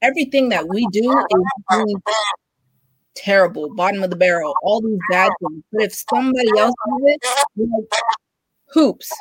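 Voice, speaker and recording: Frank, emphatic woman in a discussion, mid-pitched, dry close sound. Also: expressive, normal speed, breathy edge, no echo, poor audio. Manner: frank and emphatic, with quoted asides. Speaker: discussion participant. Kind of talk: group discussion.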